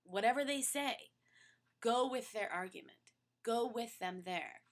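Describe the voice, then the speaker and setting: A woman stress therapist giving advice to camera in an animated way, often dropping to a soft near-whisper to demonstrate. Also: a little high, measured pace. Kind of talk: instructional talk to camera.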